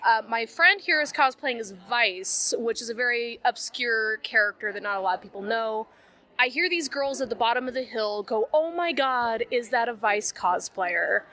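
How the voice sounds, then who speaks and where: A woman cosplayer guest telling a funny anecdote at a convention, animated and laughing through it. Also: fairly high pitch, moderate pace. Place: convention floor.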